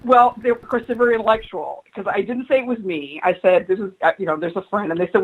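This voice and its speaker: Woman guest on a talk radio show, spiritual advisor, lively storyteller who acts out the voices. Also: mid-range voice, fast, hardly any pauses, slightly rough, narrow, tinny audio. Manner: animated storyteller acting out quoted voices.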